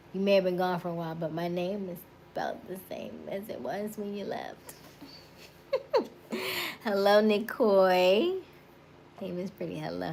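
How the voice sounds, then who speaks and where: A woman's voice: on the low side, slight background noise. Chatty woman with a Florida accent. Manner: chatty, laughs often, greets viewers by name. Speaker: livestream host. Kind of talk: casual livestream chat reading viewer comments.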